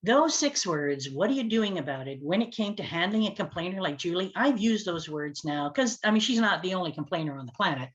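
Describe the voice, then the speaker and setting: A woman telling a personal story as a speaker and communication coach, animated and lively, with big swings in her voice. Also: fairly low pitch, fairly quick, hardly any pauses, dull audio. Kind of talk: storytelling talk to camera.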